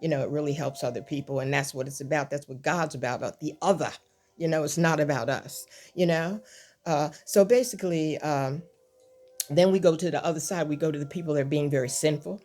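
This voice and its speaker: An older woman with a low-pitched voice gives an online devotional message. She talks plainly and warmly conversational, then preaches in impassioned, repeated appeals. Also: brisk. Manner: impassioned and repetitive, rising to pleading cries.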